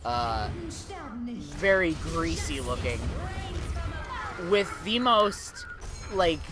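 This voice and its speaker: A man's voice: fairly high pitch, sing-song, very slow, music in the background. A man casually chatting while playing a video game, telling stories in a rambling way with lots of fillers. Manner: rambling storyteller, many fillers and restarts. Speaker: gameplay commentator. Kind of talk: casual chat over gameplay.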